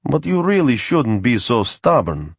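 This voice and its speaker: A man voicing a polite but menacing interrogator who speaks slowly and with patience. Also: medium pitch, sing-song, husky, no room sound, clean studio sound, full character voice. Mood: coldly patient. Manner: slow, courteous, menacing.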